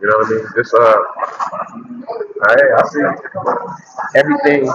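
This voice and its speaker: A man's voice: mid-range voice, steady tone, normal speed. A man chatting casually as a content creator, rambling loosely and repeating his words, outdoors on a city street through an earphone mic. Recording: dull lo-fi sound with loud street noise.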